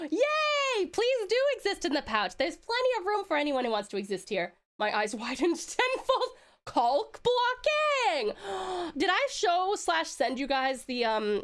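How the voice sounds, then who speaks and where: An Australian woman streaming live, chatting casually, giggling and reading out chat messages. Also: a little high. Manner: giggly, excitable, swearing, reads chat aloud.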